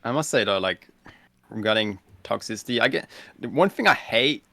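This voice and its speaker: A man's voice: fairly low pitch, lively intonation, moderate pace, creaky, bright, forceful tone, no room sound. A man chatting casually on a podcast, laid-back and blunt, with many "like" fillers. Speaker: guest streamer.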